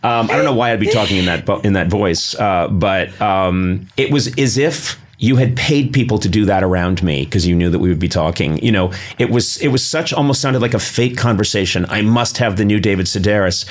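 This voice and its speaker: A man with a lowish, husky voice hosts a podcast from his studio. He chats loosely, wanders through stories and laughs easily. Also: animated, fairly quick, hardly any pauses. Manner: chatty, rambling, laughs often. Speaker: podcast host. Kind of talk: casual interview chat.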